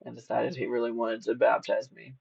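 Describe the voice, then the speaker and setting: This is casual live-stream chat from a man whose middle-range voice comes across creaky and husky. He teases playfully and is quick to giggle, and the audio, free of room sound, has a somewhat dull, lo-fi feel.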